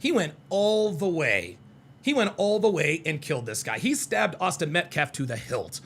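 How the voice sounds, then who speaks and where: A man's voice: on the high side, very animated, normal speed, creaky, a bit bright. A man from the American South hosting a live call-in reaction show, talking in a profane, combative way and often repeating himself. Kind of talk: heated live reaction commentary.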